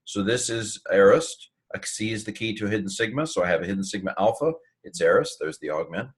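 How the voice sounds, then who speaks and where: Halting low-voiced male teacher. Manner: halting, full of fillers and restarts, thinks aloud. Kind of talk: informal Greek lesson.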